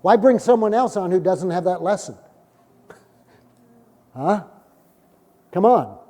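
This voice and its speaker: A middle-aged male pastor preaching a sermon, telling stories and acting out the dialogue, with sudden loud bursts. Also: sits high, expressive, takes it slowly. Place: church sanctuary. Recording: long hall reverb from a church.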